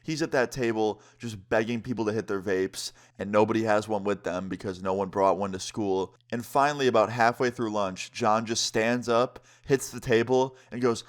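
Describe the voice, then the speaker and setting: A young man vlogger telling a story in an animated, slangy way, swearing often. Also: on the low side, moderate pace, few pauses. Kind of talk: casual storytime.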